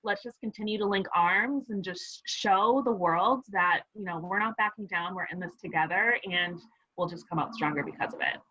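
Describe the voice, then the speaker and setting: Woman co-host, bright and forceful, upbeat and rallying, dry lo-fi sound. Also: medium pitch, moderate pace, no echo. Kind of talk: wrapping up a call.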